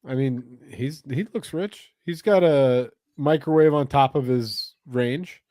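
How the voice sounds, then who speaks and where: A man's voice: medium pitch, slow pace, mellow, no echo, studio quality. A man co-hosting a podcast, making short, wry remarks in casual chat. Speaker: podcast co-host.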